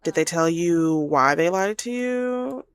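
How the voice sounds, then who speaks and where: A woman voicing a guarded mother character in a life-sim game, giving measured advice. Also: on the low side, animated, clean tone. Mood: advising. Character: guarded older mother sim, gently probing.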